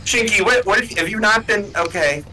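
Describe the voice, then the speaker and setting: A man's voice: high-pitched, normal speed, a crowd in the background, low-quality recording. A man co-hosting a let's-play, joking around, swearing casually and asking his friend questions about the game. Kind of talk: casual gaming chat.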